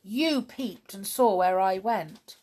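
A woman voicing a sulky, hot-tempered young boy who cheats at games, talking in whiny, indignant shouts. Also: medium pitch, slow.

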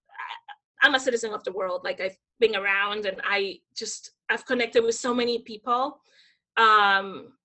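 A woman from the Dominican Republic, a guest telling stories in a casual interview, hyper and animated, acting out the voices of people she quotes. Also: on the high side.

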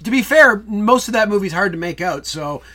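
A young man with a high, animated voice that comes out fairly quick, pushed and bright. He co-hosts a casual film podcast, rambling along and quoting favorite movie lines in put-on voices.

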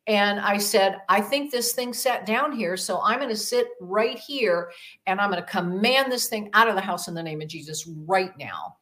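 A woman's voice: mid-range voice, expressive, moderate pace, a bit bright. A woman guest telling a personal story in an interview, rambling with many fillers and acting out the voices she quotes. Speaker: podcast guest, demonologist.

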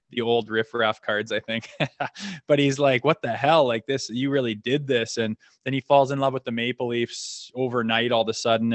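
A man's voice: mid-range voice, fairly bright tone, no room sound. A middle-aged man, a former hockey player guesting on a podcast, telling loose stories with laughs and frequent swearing. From Canada. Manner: laid-back, laughing, swears freely. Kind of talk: casual storytelling.

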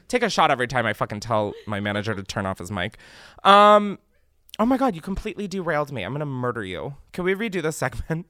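A man's voice: mid-range voice, very animated, fast, bright, forceful tone, no echo, studio quality. A young man hosting a podcast, chatting casually in a campy, profane way. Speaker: podcast host.

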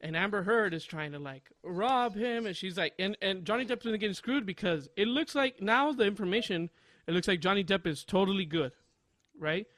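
A young man co-hosting a podcast, rambling and laughing loudly at his own stories. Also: high-pitched, moderate pace, dry recording. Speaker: podcast co-host. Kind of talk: casual podcast chat.

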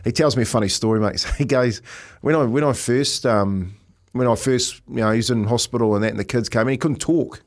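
A man's voice: medium pitch, brisk. A middle-aged man from New Zealand, a podcast co-host telling stories in casual chat, rambling with many restarts.

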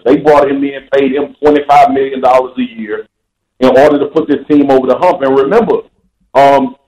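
This is a man joining sports radio as a guest football analyst. His voice sits somewhat high, and he sounds confident and energetic. The remote line has a noticeably roomy echo.

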